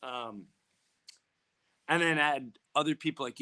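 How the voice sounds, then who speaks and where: A middle-aged podcast host with a medium-pitched voice tells a story in an unhurried, casual way. He's animated, acting out the voices of the people in it.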